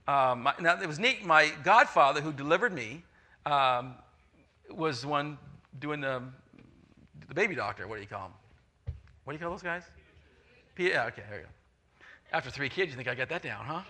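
A middle-aged man preaching a sermon, telling a story with lively acted-out voices. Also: fairly high pitch, moderate pace, long pauses. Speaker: pastor.

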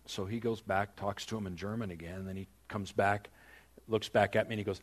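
A man's voice: fairly low pitch, a little fast. An older man, a pastor, telling a personal story in a sermon, with self-deprecating humor, his voice rising and then dropping to a near whisper.

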